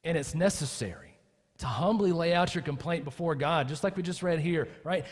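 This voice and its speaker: A man's voice: fairly high pitch, brisk, breathy edge, long reverb tail. A man preaching a sermon as pastor, talking casually with his congregation and building to impassioned emphasis. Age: adult with children. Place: church.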